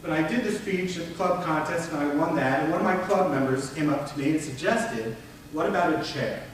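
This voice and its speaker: A man leading a conference workshop on public speaking, talking in a conversational, animated way to an audience. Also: on the high side, brisk, far from the mic, slight background noise. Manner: conversational, animated, demonstrates tones with his voice. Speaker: workshop presenter. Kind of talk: conference breakout talk. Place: conference room before an audience. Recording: very echoey room recorded from afar.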